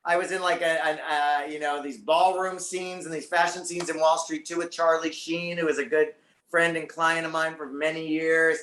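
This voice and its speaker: A man's voice: a little high, flat delivery, moderate pace, a bit bright, echoey room. A man as a guest on a talk show, chatting casually and animatedly about his career. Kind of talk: casual interview chat.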